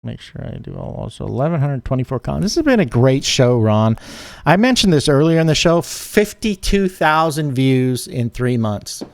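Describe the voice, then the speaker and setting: A man's voice: medium pitch, sing-song, moderate pace, vocal fry, no echo. A man co-hosting a live online show, chatting loosely with many fillers while running a giveaway. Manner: chatty, rambling, lots of fillers. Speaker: co-host of a live fish-keeping show. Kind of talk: live-stream chat with giveaways.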